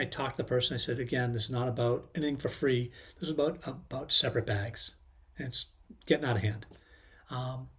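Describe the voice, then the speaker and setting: A man hosting his own channel, telling a personal story in a casual, rambling way with many ums and restarts. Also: mid-range voice. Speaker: channel host.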